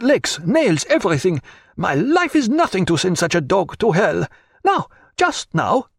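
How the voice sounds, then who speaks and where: A man voicing a hot-tempered Frenchman with a French accent, his words tumbling out fast. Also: very high voice, a little mellow, no room sound, studio quality, pitched above the performer's own voice, heavily acted.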